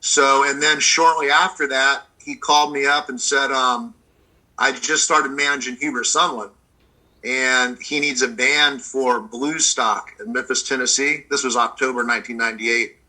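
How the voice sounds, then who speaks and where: Man from the States, bright and forceful timbre, rambling relaxed storyteller, video-call interview guest. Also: mid-range voice, moderate pace, low-quality recording. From United States. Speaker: blues guitarist guest.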